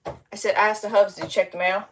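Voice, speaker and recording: A woman's voice: medium pitch, fairly even intonation, fairly quick, a little hiss or hum. A woman hosting a casual live stream, tired and slap-happy, rambling as she greets viewers by name.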